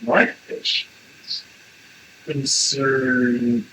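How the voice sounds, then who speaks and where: A man's voice: mid-range voice, lively intonation, extremely slow, gravelly, pushed and bright. Blunt man on a noisy recording. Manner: blunt, swears casually. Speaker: questioner at a channeling session. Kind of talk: casual chat.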